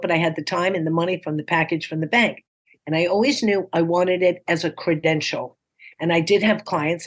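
A woman in her sixties from New York City, a comedian telling stories as a podcast guest in a lively, encouraging, punchline-driven way, often acting out quoted dialogue in playful voices. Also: on the low side. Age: 60s. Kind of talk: casual interview storytelling.

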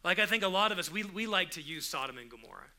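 A man's voice: sits high, animated, fast talker, pushed and bright. A man preaching a sermon in a conversational way, often restarting his sentences and rising to emphatic bursts. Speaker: pastor.

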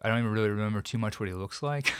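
A man as an interview guest, recounting a painful personal story in a reflective, halting way with many restarts. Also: lowish voice, a bit bright, smooth, no echo, clean studio sound.

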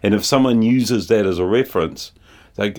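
A man's voice: fairly low pitch, normal speed, a little mellow. A man who composes music for ads, talking casually and rambling with many fillers and restarts. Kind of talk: casual conversation.

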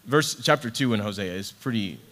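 A man's voice: on the low side, expressive, a little fast, fairly bright tone. A young adult man preaching a sermon in a conversational, earnest way, with casual fillers. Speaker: ministry associate director preaching.

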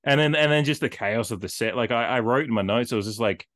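A man co-hosting a casual film podcast, rambling and animated, full of filler words as he retells scenes. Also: medium pitch, quick pace, dry recording, clean studio sound. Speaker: podcast co-host.

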